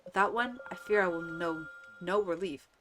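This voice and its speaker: A woman reading the lines of an aching old man villager, in a slow, weary, complaining way. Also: lowish voice, a bit bright, faint music behind, lightly acted.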